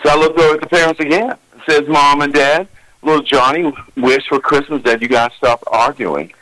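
Folksy older man, bright voice. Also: fairly high pitch, fairly even intonation, a little fast, dry recording, low-quality recording. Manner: folksy storyteller, acts out children's voices. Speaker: professional Santa Claus. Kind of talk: interview answers, anecdotes.

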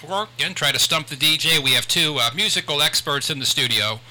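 A man's voice: fairly high pitch, lively intonation, brisk, sharp tone, low-quality recording. An older man hosting a radio talk show, chatting in a rambling way with many restarts. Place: radio studio.

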